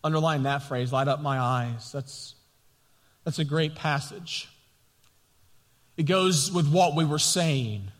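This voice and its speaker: A man preaching a sermon as a pastor, passionate and building to loud, emphatic peaks. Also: a little high, slow pace, long pauses, big-room sound. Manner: impassioned preaching, rising loud at key points.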